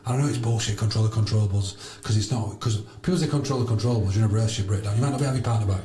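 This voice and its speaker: Man, loud, blunt, swears a lot, mellow low voice, echoey sauna. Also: racing. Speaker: podcast guest, charity founder. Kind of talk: animated storytelling with swearing. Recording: roomy echo.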